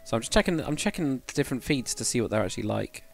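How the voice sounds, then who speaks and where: A man's voice: mid-range voice, lively intonation, racing, vocal fry, faint music behind. A man casually chatting on a game livestream, thinking aloud while building and answering chat. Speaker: game streamer.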